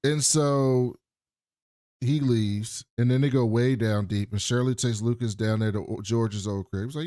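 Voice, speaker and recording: A man at a mid pitch co-hosts a casual TV recap podcast. He retells scenes animatedly, slipping into the characters' voices and swearing freely. The sound is dry and close to the mic. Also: fairly even intonation, unhurried, mellow, dry recording. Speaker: podcast co-host.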